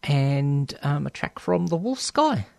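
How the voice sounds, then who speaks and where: Gravelly, hesitant Australian radio host. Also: male voice, fairly high pitch, sing-song, slow, a little mellow, no echo. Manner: hesitant, many ums and restarts. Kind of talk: casual radio talk.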